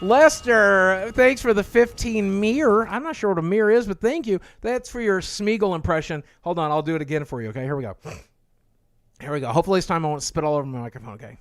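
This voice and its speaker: A man's voice: sits high, quick pace, no room sound, clean studio sound. A man casually reviewing trading cards on a live stream, reading card text aloud with chatty asides and thanking viewers.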